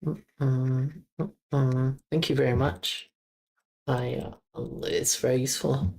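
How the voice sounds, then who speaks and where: A woman with an extremely low, gravelly voice, chatting on a live stream in an unhurried way. She repeats foreign words over and over to get the sound right, breaking off with quick curses and exclamations. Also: flat delivery, a little mellow. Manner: repeats German words aloud as she practices pronunciation; blurts out casual exclamations and curses. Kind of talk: casual live-stream chat.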